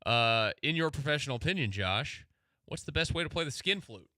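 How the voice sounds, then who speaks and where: A man's voice: mid-range voice, lively intonation, brisk, sharp tone, no room sound. A man co-hosting a radio show, reading listener texts with wry remarks. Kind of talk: casual radio chat.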